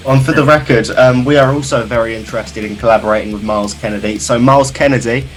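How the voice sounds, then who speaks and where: A man's voice: mid-range voice, fast talker, soft background music. A man hosting a podcast over a video call, chatting casually and joking around. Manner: jokey, laughs often. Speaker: podcast host. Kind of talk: casual chat.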